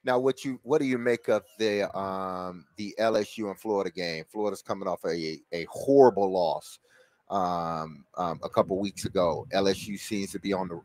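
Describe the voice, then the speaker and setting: A male sports radio host with a very low voice asks his guest halting questions full of pauses and fillers. The sound is dry and close, with no room echo.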